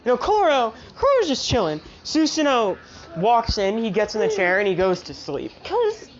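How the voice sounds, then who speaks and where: A woman's voice: on the high side, very animated, moderate pace. A woman casually telling a fan-made story, rambling along with lots of "you know". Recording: dull lo-fi recording.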